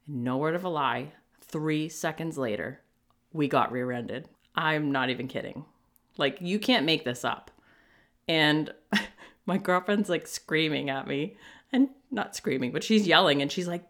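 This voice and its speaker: A middle-aged woman with a low voice tells a personal story on her podcast. She talks casually and with animation, acting out what people said and laughing as she goes. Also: normal speed. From New England. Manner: animated, jumps into quoted voices, laughs often. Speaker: podcast host.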